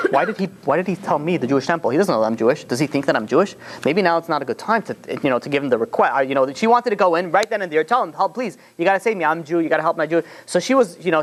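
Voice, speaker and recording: A man's voice: a little high, a little hiss or hum. A man, a rabbi, retelling a story in a casual, rambling way, full of "you know" fillers and restarts.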